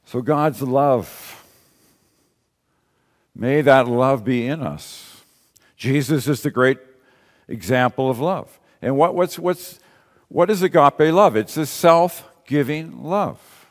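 Slow-speaking preacher in a reverberant hall. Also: male voice, medium pitch, expressive. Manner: conversational, repeats key phrases, asks rhetorical questions. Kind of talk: sermon. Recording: long reverb of a large hall.

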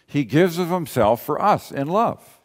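A man's voice: a little high, expressive, unhurried. A man preaching a sermon in a conversational way, repeating key phrases and asking rhetorical questions. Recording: long reverb of a large hall.

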